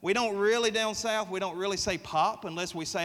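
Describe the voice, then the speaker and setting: A man with a Southern US accent preaching a sermon, telling folksy stories in an animated way. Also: high voice, a little fast, in a large hall. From American South. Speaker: pastor.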